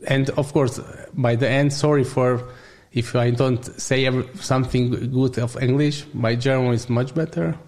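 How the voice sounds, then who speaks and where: A gym owner who speaks Hungarian as his first language appears as an interview guest, talking in English with a Hungarian accent. His voice is middle-pitched, slightly mellow and fairly even in intonation. He speaks haltingly, stopping, restarting and searching for English words.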